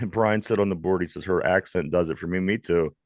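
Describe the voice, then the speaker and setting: A man with a Pittsburgh accent hosting a live sports talk show, lively and jokey, reading trivia questions to his co-hosts. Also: sits low, fairly quick, no room sound. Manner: lively, jokey, laughs often. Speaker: host.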